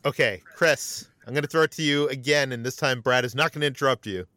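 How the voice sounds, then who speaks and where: A man hosts a casual podcast chat. He talks in a relaxed, conversational way and hedges often. The recording is dry and close. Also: medium pitch, quick pace, no room sound. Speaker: podcast host.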